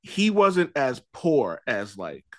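A man's voice: mid-range voice, wildly swooping pitch, slow. A man hosting a casual podcast, rambling and often rephrasing himself, with casual swearing. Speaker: podcast host.

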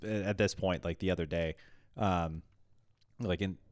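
A man's voice: deep voice, fairly even intonation, measured pace, no echo, studio quality. A man co-hosting a podcast, telling a casual story with lots of fillers, restarts and laughter. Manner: rambling with many fillers and restarts, laughs often. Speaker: podcast co-host and youth fitness coach.

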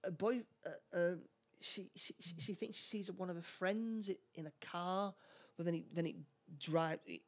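A man chatting casually as he recaps a film plot, stumbling over restarts and acting out the characters' lines. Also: high voice. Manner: halting, many restarts, acts out lines.

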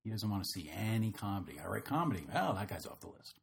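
A man's voice: fairly low pitch, quick pace, creaky. A man who writes comedy telling a long story in casual chat, acting out the people in it. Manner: animated, acts out the people in his story.

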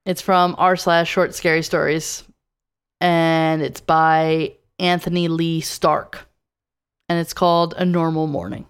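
A woman co-hosting a podcast speaks in a smooth, resonant voice that sits a little low. She is casual, with brief, dry replies. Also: flat delivery, slow pace. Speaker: podcast co-host. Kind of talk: casual chat.

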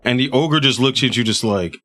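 Bright-voiced game master narrating. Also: male voice, medium pitch, a little fast. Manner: loose, filler-heavy storytelling.

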